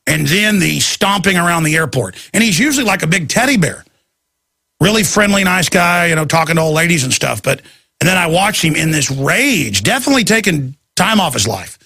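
A man's voice: a little high, very animated, brisk, creaky, pushed and bright, husky, dry recording, studio quality. A man hosting a talk show, telling a rambling story in a ranting style and acting out the voices of the people he quotes. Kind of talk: rambling talk-radio rant.

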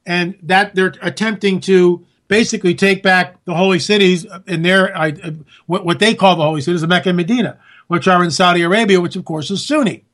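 A man delivering a sarcastic, animated political monologue, talking straight to his listeners as folks. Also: high-pitched, fairly quick.

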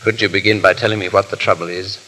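A man's voice: fairly low pitch, steady tone, fast talker, bright, forceful tone, slight background noise, low-quality recording. An actor playing a foppish, affected English baronet who prattles fussily and fills his talk with exclamations. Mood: dry.

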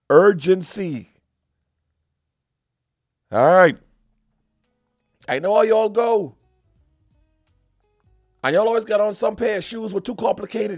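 A man's voice: sits high, gravelly, darkish tone, no echo, studio quality. A man giving a comic, preachy lecture with emphatic repetitions, like a mock sermon.

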